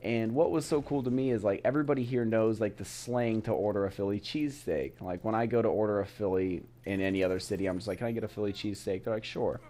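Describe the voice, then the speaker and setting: A man's voice: lowish voice, fast, hardly any pauses, dark tone. A young man from the West Coast chatting casually in a vlog, rambling with lots of "like" and "you know". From Portland, Oregon, US West Coast. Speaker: vlogger. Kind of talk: casual travel vlog chat. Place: away on a work trip.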